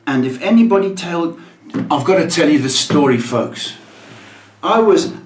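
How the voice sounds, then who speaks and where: Lively ranting English man, echoey room. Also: on the high side, normal speed. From England. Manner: exasperated, animated ranting with sudden loud outbursts. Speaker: livestream host. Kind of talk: comedic storytelling rant.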